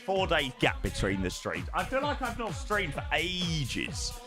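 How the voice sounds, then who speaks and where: Over music, a man streaming flight sims chats casually, thanking each subscriber in turn and occasionally swearing. His voice is a little high, his pitch swoops wildly, and he speaks a little slowly.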